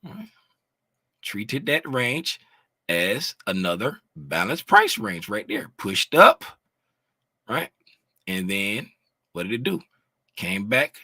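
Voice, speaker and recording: Guy breaking down trading charts live, bright forceful voice, slow and deliberate, keeps quizzing the chat. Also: mid-range voice, gravelly, breathy edge, no room sound, studio quality. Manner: animated, sings out terms, asks the audience questions. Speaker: trading educator.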